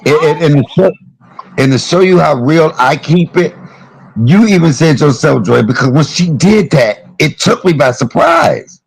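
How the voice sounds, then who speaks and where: A man hosting a livestream, telling stories in an animated and profane way. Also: on the high side, normal speed, vocal fry, breathy edge, dry recording, low-quality recording. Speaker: livestream host. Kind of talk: heated live-stream commentary.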